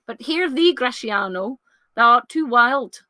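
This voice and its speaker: A woman reading a sober young gentleman. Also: on the high side, expressive, unhurried, dry recording. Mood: measured. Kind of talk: solo dramatic reading of a classic play.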